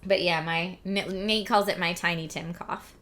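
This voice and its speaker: A woman in her forties hosts a casual live stream, chatting easily and reading viewer messages aloud. Her voice is bright and forward but slightly husky and scratchy, with a lingering cough. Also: on the low side, fairly even intonation, moderate pace. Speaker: streamer host.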